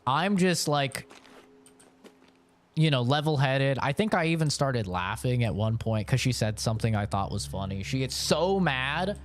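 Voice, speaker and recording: A man's voice: medium pitch, lively intonation, measured pace, a little hiss or hum. A young man streaming games and chatting casually, rambling frankly, swearing freely, and laughing often. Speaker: gaming streamer. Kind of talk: casual live-stream chat.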